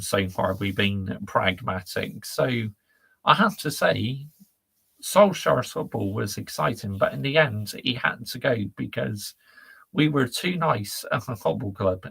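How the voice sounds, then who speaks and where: A man's voice: medium pitch, vocal fry, pushed and bright, slightly rough, no room sound. A man hosting a casual live stream, reading out chat and ranting bluntly in laddish slang. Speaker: football channel host reading live chat.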